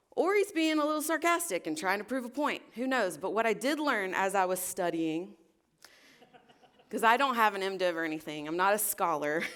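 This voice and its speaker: A woman's voice: mid-range voice, a bit bright. A woman preaching a casual, conversational sermon in a church service. She is chatty and self-deprecating and keeps asking the congregation questions.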